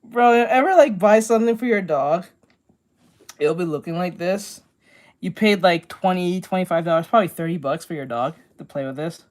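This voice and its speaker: A woman's voice: lowish voice, expressive, moderate pace, darkish tone. A woman art streamer in casual live-stream chat, slangy and calling her viewers bro.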